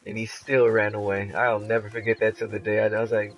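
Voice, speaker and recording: A man's voice: lowish voice, brisk, hardly any pauses, faint music behind, rough recording. Profane young man telling a street story. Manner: animated, profane, lots of "like" fillers. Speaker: streamer. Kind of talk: casual storytelling while gaming.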